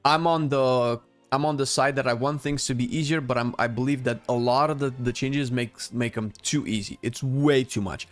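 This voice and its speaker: A man's voice: medium pitch, fairly even intonation, normal speed, faint music behind. A man streaming a game, chatting casually with viewers and giving blunt opinions while thinking aloud with frequent restarts. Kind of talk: casual live-stream commentary answering chat.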